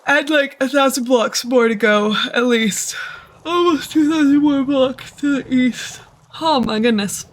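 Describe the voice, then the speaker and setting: A woman with a high voice speaks unhurriedly, offering casual gameplay commentary. She's tired and low on sleep, rambling chattily to herself.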